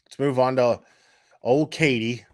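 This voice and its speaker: A man's voice: medium pitch, steady tone, measured pace, no room sound, studio quality. Blunt, sarcastic male commentator. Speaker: commentary host. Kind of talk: casual commentary.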